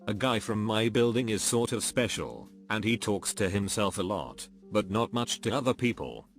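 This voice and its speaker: Male narrator, lower register, expressive lively read of short anecdotes, soft music bed behind. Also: normal speed. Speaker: narrator reading online posts. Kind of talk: scripted narration.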